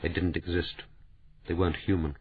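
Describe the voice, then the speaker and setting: A man's voice: low-pitched, level tone, moderate pace, husky, no echo. A man voicing a bitter, defensive young male detective in a weary, pained tone. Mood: grim. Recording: narrow, phone-like audiobook sound.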